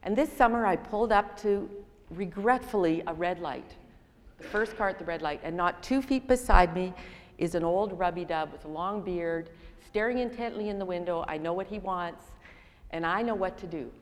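A woman's voice: on the low side, normal speed. An older woman giving a sermon, telling stories in a self-deprecating way. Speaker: speaker. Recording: long reverb in a large hall.

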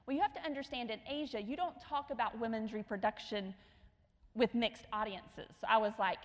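A middle-aged woman preaching a sermon, telling stories with acted quotes and sometimes dropping to a hushed tone. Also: on the high side, a little fast. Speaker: missionary speaker. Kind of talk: sermon storytelling. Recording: long hall reverb.

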